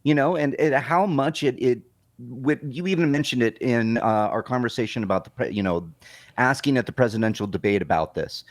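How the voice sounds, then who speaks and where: A man co-hosting a podcast with a mid-range voice and a dry, close sound. He speaks haltingly, restarting phrases as he works out his thought. The tone is casual chat. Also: mid-range voice, dry recording.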